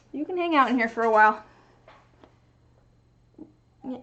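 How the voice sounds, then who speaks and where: A woman's voice: fairly high pitch, lively intonation, normal speed, pauses often, a bit bright. A young woman streaming casually, chatting to viewers and cooing at her cat in a baby voice. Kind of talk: casual livestream chat. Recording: muffled lo-fi stream audio.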